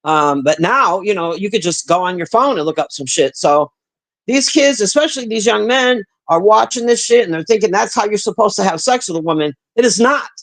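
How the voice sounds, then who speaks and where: Reading chat during a casual livestream rant, this woman speaks at a medium pitch, brisk and expressive. She addresses her viewers directly, cursing bluntly and letting out sighs between her points.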